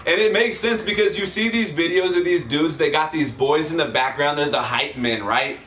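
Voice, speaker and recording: A man's voice: a little high, moderate pace, a bit bright, roomy sound, slight background noise. A man co-hosting a casual livestream chat, swearing and slangy, laughing often while drinking. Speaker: livestream co-host.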